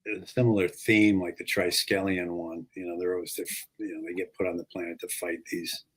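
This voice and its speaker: Low-voiced hesitant man. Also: little pitch movement, brisk, slightly rough, low-quality recording. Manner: hesitant, searching for words. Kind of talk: casual podcast chat.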